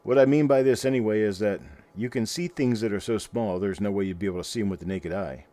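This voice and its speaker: Man, deep voice, folksy, rambling, casual livestream host, middle-aged. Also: quick pace, dark tone. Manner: folksy and rambling, talks to viewers. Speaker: host of a coin roll hunting livestream.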